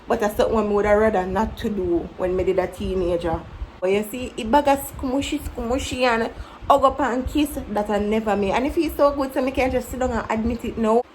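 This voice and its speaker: A woman in her twenties with a Jamaican accent, talking candidly to camera about growing up, with animated storytelling. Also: fairly high pitch, fairly quick, a little hiss or hum, poor audio. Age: 20s. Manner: candid, animated, breaks into mimicking her younger self. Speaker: vlogger. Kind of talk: casual reflective storytelling to camera.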